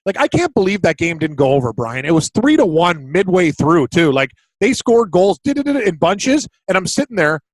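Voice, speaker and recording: A man co-hosting a sports betting podcast, talking in a blunt, excitable, casual way and swearing now and then. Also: high voice, moderate pace, hardly any pauses, dry recording, poor audio. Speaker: podcast co-host, betting analyst.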